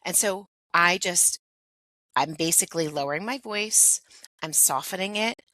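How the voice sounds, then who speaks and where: A woman's voice: lowish voice, a little slow, pushed and bright, low-quality recording. A middle-aged woman, a pediatric occupational therapist, explaining things in a conversational interview, often adding "like" and "right?". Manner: explanatory, peppers speech with "like" and "right?".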